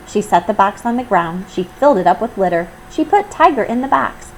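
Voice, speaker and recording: A woman narrating a children's picture book aloud, her voice lively and full of rise and fall. She tells it with expressive warmth over a faint hiss of background noise. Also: mid-range voice, brisk, hardly any pauses, low-quality recording. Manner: expressive, animated storytelling. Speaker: storybook reader.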